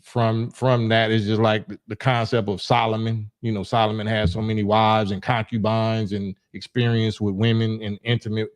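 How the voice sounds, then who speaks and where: A man's voice: on the low side, little pitch movement, moderate pace, hardly any pauses. A middle-aged man from Los Angeles hosting a livestream call-in, talking bluntly in casual street slang with frequent restarts. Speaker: livestream host.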